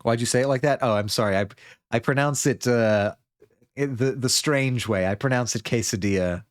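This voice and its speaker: A man's voice: medium pitch, moderate pace. A man streaming a video game live, chatting casually, joking, laughing, and reading viewer messages aloud.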